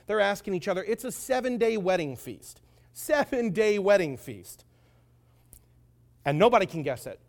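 A preacher with a high, bright voice telling a story in a loose, jokey way. He drops asides to the listeners and keeps the talk conversational. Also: sing-song, normal speed. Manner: frequent asides to the audience. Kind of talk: sermon.

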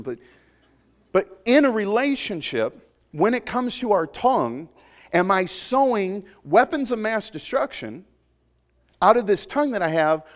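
A man delivering a sermon in a somewhat high voice. He keeps it conversational and jokes with the people in front of him. He swings between loud, emphatic declarations and soft, near-intimate asides. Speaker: pastor.

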